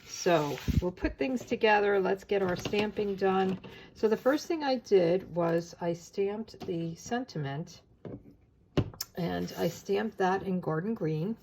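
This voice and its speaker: A woman giving a casual, chatty step-by-step craft tutorial, talking as she works with her hands and often pausing on filler words. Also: medium pitch, noisy background. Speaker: papercraft demonstrator.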